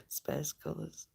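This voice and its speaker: A woman with a Lancashire accent, chatting rambly on a livestream and reading viewer comments aloud. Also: mellow. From Lancashire, England. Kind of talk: casual livestream chat.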